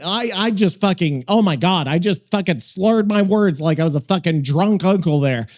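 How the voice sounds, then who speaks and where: A man's voice: sits high, normal speed, hardly any pauses. A man co-hosting a podcast, chatting casually and reacting bluntly with constant swearing. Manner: profane, blunt and excitable, with frequent swearing. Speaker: podcast co-host. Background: faint song playing under his talk.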